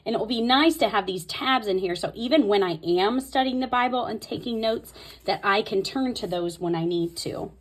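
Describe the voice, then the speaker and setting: A woman's voice: medium pitch, normal speed. A woman host talking casually through a Bible tabbing tutorial, thinking aloud as she marks pages. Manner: chatty, thinking aloud while marking her Bible. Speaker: Bible study video host.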